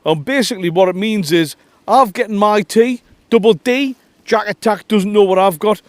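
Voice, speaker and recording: A man hosting a casual outdoor camping vlog, joking and calling the viewers ladies and gentlemen. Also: sits high, moderate pace, no room sound. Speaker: vlog host. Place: outdoors at a windy campsite.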